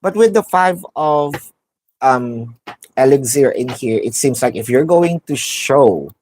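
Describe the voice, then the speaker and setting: A woman's voice: extremely low pitch, animated, slow pace, darkish tone, a little hiss or hum, low-quality recording. A woman doing a live tarot reading, musing aloud, naming the cards as she draws them and repeating phrases. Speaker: tarot card reader.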